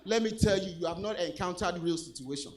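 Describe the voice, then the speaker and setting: A Nigerian man with a Nigerian accent doing a stand-up comedy set on stage, animated, swinging between loud punchlines and low asides. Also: fairly quick. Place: comedy club stage with a live audience.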